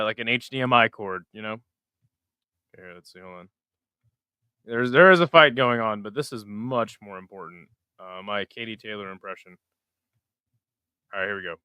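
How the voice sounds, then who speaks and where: A man's voice: lowish voice, clear, resonant tone, no room sound, muffled recording. A man hosting a casual live stream who swears, mocks himself and mutters while fiddling with his setup. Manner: profane, self-mocking, mutters to himself. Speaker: livestream host.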